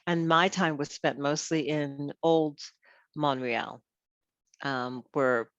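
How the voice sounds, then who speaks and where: Low-voiced woman, muffled dry recording. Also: fairly even intonation, slow, dry recording. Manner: rambling, full of "you know" and restarts. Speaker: podcast host. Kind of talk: casual chat.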